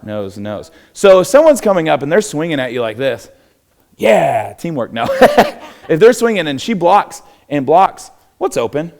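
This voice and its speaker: Young Texan man, martial arts instructor running a live class, cheerful and encouraging, voice a bit high. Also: very animated, unhurried, creaky, darkish tone. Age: young adult. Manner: upbeat, encouraging, laughs often. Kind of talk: live self-defense class. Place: church hall.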